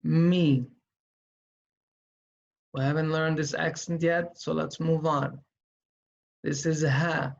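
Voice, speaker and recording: A man teaching Quran reading in a slow, step-by-step tutorial, patiently thinking aloud as he writes. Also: fairly high pitch, little pitch movement, creaky, highs cut off.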